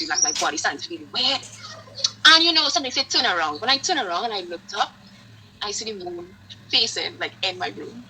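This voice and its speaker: A woman hosting a relaxed interview chat in a very bright, sharp voice, pitched a little low. She tells her stories with lively energy and leans on "like" as a filler throughout. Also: fairly quick, slight background noise, low-quality recording. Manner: lively storytelling with frequent "like" fillers. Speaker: podcast host.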